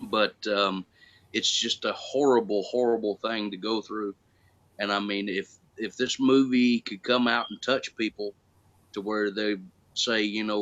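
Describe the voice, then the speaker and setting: A man's voice: on the low side, moderate pace, muffled recording. A man telling stories in casual chat as a guest, acting out quoted exchanges. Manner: animated storytelling, acts out quoted exchanges. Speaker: guest actor.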